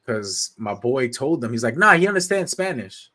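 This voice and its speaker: A man's voice: medium pitch, normal speed. A man telling funny stories in casual chat, laughing and acting out the people he quotes. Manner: animated, laughing, slips into quoted voices.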